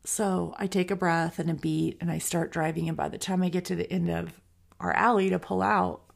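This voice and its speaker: Middle-aged woman host, low voice with heavy fry, candid rambling storytelling. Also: steady tone, moderate pace. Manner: candid, reflective, with frequent fillers. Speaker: podcast host. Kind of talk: personal storytelling monologue.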